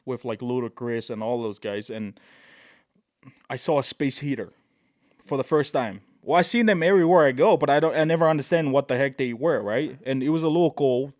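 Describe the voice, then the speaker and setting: Male guest from Tonga, mid-range voice, lively anecdotes, dry podcast mic. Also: mid-range voice, fairly quick, dry recording. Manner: animated, excitable, peppers speech with "right?" and "bro". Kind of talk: casual storytelling.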